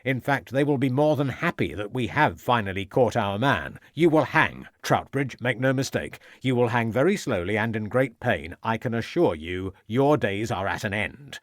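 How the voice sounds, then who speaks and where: A man doing a shrewd, stern inspector grilling a suspect in an audiobook. He presses firmly and threatens with steady authority, his pitch rising and falling with emphasis. The recording is dry and close. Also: moderate pace, few pauses, no echo, close to an everyday voice. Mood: stern, pressing. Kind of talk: audiobook character voice.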